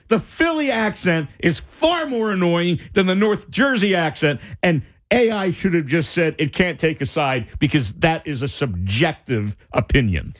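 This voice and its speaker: A man's voice: fairly high pitch, no echo. A man hosting a radio show, bantering casually and reading answers aloud with playful mock drama.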